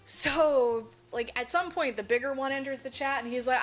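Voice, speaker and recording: A woman's voice: high voice, moderate pace, faint music behind. A woman co-hosting a podcast, recapping a movie in casual, profane chat and acting out the characters' lines. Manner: animated, profane, acts out quotes. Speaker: podcast co-host.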